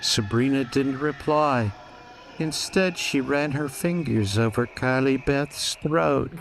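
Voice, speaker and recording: A man's voice: medium pitch, slow pace, gravelly. A man guest on a comedic book-reading podcast, reading aloud with dry wisecracks, over a video call. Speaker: guest reader.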